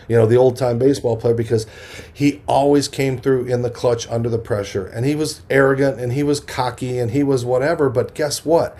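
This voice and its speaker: A middle-aged man, a motivational speaker, telling lively stories from his life in an interview, acting out the voices of the people he quotes and often restarting sentences. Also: medium pitch. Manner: energetic storyteller who acts out quoted voices, restarts often. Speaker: podcast guest, motivational speaker. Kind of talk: animated storytelling interview.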